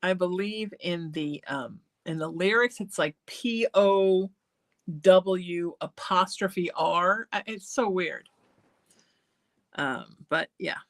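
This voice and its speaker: A woman hosting a live psychic show, chatting in a rambling way, laughing often and drifting into soft singing. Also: on the low side, slow, no echo. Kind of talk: casual live-stream chat.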